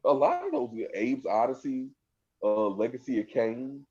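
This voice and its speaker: Mellow man on dull lo-fi audio. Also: medium pitch, huge pitch swings, normal speed, creaky. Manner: quiet, brief questions and remarks.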